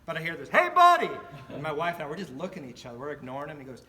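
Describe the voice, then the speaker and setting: Bright-voiced man telling a story. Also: fairly high pitch, very fast. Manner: animated, acts out quoted voices. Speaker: club speaker. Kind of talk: storytelling speech.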